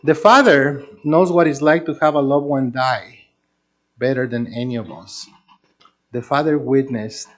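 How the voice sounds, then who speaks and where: A man preaching a sermon, earnest and emphatic, slowing down to stress key phrases. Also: medium pitch, a bit bright. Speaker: pastor.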